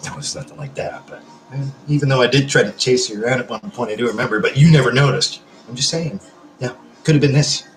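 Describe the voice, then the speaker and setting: This fast-talking man with a mid-range voice chats on a live stream, drinking beer and replying to comments. Effusive and rambling, he swears constantly, heard in a roomy, rough recording with faint music behind him.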